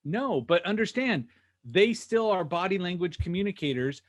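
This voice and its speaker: Male sales trainer, fairly high voice, punchy and rhetorical, talking over a video call. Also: moderate pace. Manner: energetic, rhetorical, keeps asking "right?" and "okay?". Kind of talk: animated teaching on a video call.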